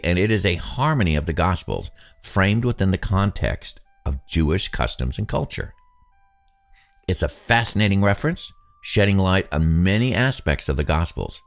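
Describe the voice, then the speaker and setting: A man in his sixties hosting a solo podcast, musing aloud in a conversational, self-deprecating way. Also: deep voice. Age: 60s. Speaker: podcast host. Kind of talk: reflective solo podcast monologue.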